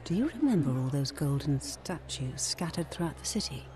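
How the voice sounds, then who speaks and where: A woman voicing a gracious former goddess in a video game, speaking in a measured, formal way with a mysterious softness. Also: low-pitched, sing-song, slight background noise. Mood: warm. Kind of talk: game voice acting. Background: game music.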